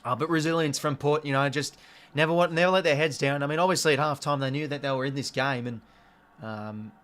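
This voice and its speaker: Calling the game casually for a live watch-along, a young Australian host erupts in excitable bursts and drops the occasional mild swear. His voice is a little high and fairly quick.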